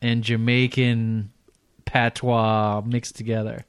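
A man's voice: mid-range voice, flat delivery, slow pace, clean tone. A man co-hosting a podcast, trading blunt, joking banter in casual chat. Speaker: podcast co-host.

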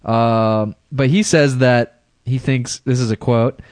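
A man's voice: medium pitch, fairly even intonation, slow, a little mellow, no room sound, clean studio sound. A man co-hosting a casual podcast, reading news stories aloud with crude jokes, often stumbling over names and laughing mid-sentence. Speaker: podcast co-host.

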